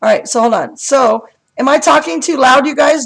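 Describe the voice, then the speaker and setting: Excitable high-voiced woman with gravelly tone. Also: brisk, rough recording. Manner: excitable, chatty, asks lots of questions. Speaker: coloring channel host. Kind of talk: chatty live stream setup. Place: home room with bright lights.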